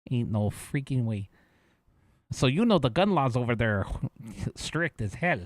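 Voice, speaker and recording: A man in casual in-character roleplay banter, animated, dropping Chicano slang. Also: mid-range voice, measured pace, no echo, studio quality.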